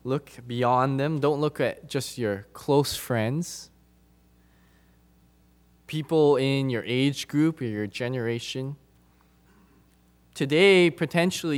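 Preaching to his congregation, this man speaks slowly with long pauses, his mid-range voice clean in tone. He is emphatic, repeats phrases to drive points home, and moves between loud and soft stretches.

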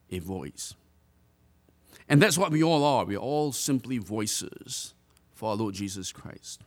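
Earnest male preacher, deliberate emphasis. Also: medium pitch. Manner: earnest, drawn-out emphasis on key phrases; repeats and restarts words while preaching. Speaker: pastor. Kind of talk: sermon.

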